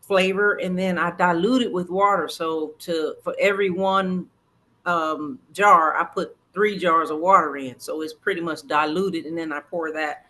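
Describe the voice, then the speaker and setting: A guest on a casual interview over a video call who tells stories in an animated way and acts out what other people said. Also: medium pitch, moderate pace. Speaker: guest, sports superfan.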